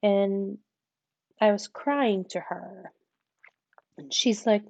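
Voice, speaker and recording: A woman guest speaking candidly in an interview, telling her story in a frank, animated way and acting out what other people said. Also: extremely slow, gravelly, pauses often, no room sound. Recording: muffled low-fidelity audio.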